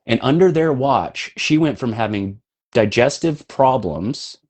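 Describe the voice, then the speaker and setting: A man's voice: medium pitch, a little mellow. A man on a podcast, telling stories bluntly and swearing as he talks. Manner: blunt, profane storytelling. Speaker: podcast guest, health coach. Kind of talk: casual podcast conversation.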